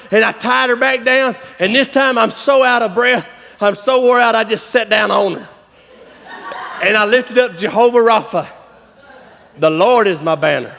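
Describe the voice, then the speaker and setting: Man, animated folksy sermon storyteller, high voice, reverb from a big hall. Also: creaky. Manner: folksy, animated, laughing, bursts of shouting. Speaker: conference speaker. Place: large church hall.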